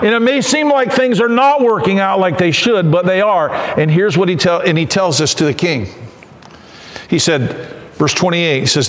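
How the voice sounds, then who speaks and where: A man's voice: high voice, long reverb tail. A man preaching a conversational sermon who acts out quotes and asks the congregation questions. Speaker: pastor.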